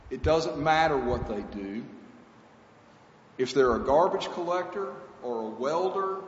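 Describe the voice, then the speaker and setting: A man preaches in an earnest, emphatic way, hammering home points with repetition. His voice sits a little high for a man. The recording is dull and lo-fi, with roomy echo and faint hiss behind him. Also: lively intonation, measured pace. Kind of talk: sermon. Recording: echoey hall, dull lo-fi sound, faint hiss.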